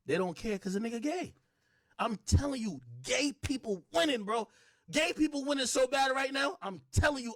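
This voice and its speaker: A man hosting a livestream, talking in a casual rant that swings from low mutters to shouted bursts. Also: lively intonation, normal speed, no echo, clean studio sound. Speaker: livestream host.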